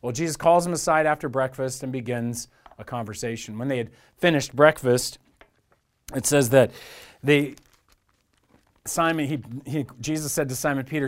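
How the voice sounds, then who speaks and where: A man's voice: mid-range voice, normal speed. A man preaching a sermon in a church in a conversational way, acting out the voices in the stories he tells. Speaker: pastor.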